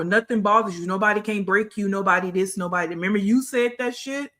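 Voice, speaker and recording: A woman's voice: medium pitch, fast, a bit bright. Give me a blunt woman commentator on a livestream, scolding and chatting with viewers. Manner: blunt, scolding, repeats phrases for emphasis; greets and talks to live chat.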